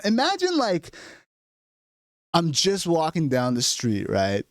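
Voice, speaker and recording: A man's voice: a little high, wildly swooping pitch, normal speed, a little mellow, no echo, clean studio sound. A man delivering an exasperated, profane comedic rant straight to camera. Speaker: vlogger. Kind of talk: ranting comedic monologue.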